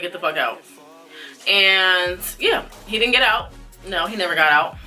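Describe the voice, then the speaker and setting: A young woman, telling a casual storytime vlog, animated and full of fillers, acting out what people said. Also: fairly low pitch. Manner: animated, acts out dialogue, frequent fillers. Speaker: vlogger. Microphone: camera mic.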